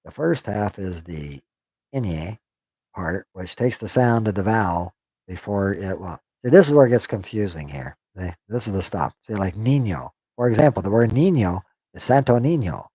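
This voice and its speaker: Man, low gravelly voice, dry close sound, reads aloud haltingly, jokey. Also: animated, darkish tone, no room sound. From United States. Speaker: streamer. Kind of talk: casual reading aloud on a livestream.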